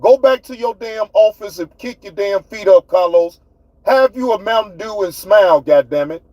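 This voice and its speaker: Man, livestream host, heated profane rant, very high voice, dry close sound. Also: lively intonation, normal speed, darkish tone, dry recording, rough recording. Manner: profane, fiery, talks straight to chat.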